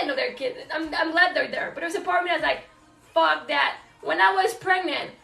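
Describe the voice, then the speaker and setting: A woman's voice: high-pitched, vocal fry, sharp tone, echoey room, far from the mic. A woman venting candidly about motherhood in casual live-stream chat while folding laundry at home, swearing and laughing often. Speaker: live streamer, single mom.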